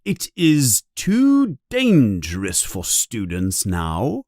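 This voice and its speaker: A man's voice: mid-range voice, wildly swooping pitch, dry recording, clean studio sound, heavily acted. A man putting on a frail, weak old wizard headmaster. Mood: grave. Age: older. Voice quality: weak, quiet, breathy at times. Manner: hesitant, with halting fillers. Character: frail elderly male headmaster wizard, hesitant.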